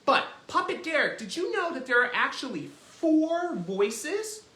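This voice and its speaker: A man hosting a children's music lesson, talking in an animated, encouraging way and demonstrating as he goes. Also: very high voice, a little slow, echoey room. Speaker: children's music teacher and host.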